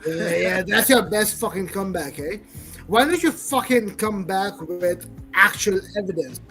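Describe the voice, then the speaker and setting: Gravelly, high-pitched, ranting male caller. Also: lively intonation, music in the background. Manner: halting and stumbling, then swearing angrily. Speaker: livestream caller. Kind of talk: angry call-in rant.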